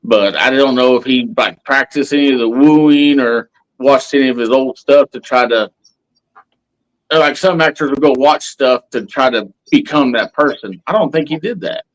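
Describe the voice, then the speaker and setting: A man's voice: mid-range voice, moderate pace, low-quality recording. Easygoing man, rambling. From Texas. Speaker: podcast guest. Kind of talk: casual round-table chat.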